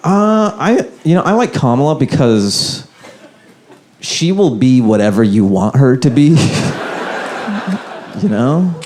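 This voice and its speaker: Guy doing standup in a club, slow easygoing delivery, audience laughing and noisy room behind him. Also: medium pitch, expressive, darkish tone. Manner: loose, conversational, slips into quick impressions. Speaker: stand-up comedian. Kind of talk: stand-up comedy set. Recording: live club recording with crowd noise.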